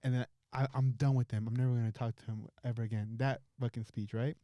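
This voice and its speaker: A man's voice: medium pitch, fairly even intonation, fast talker, warm tone, no room sound. A man co-hosting a casual podcast, telling a rambling, profane story with many restarts. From Los Angeles area. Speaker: podcast co-host.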